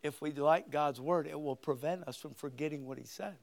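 Older male pastor, high voice, animated sermon delivery with loud emphatic points and soft asides. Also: a little fast, vocal fry. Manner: animated preaching, swinging between loud emphatic lines and quiet asides.

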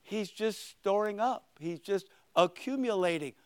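Older male pastor, high voice, animated sermon delivery with loud emphatic points and soft asides. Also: measured pace, smooth. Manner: animated preaching, swinging between loud emphatic lines and quiet asides.

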